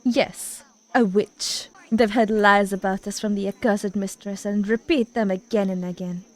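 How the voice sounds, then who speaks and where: A woman reading the lines of a brooding female village witch aloud from a story game, slow and muttering. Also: medium pitch, steady tone, lightly acted. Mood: bitter.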